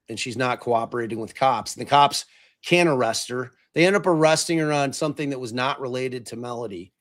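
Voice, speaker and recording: A man hosting a podcast in casual chat, rambling with lots of swearing, fillers and restarts. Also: mid-range voice. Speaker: podcast host.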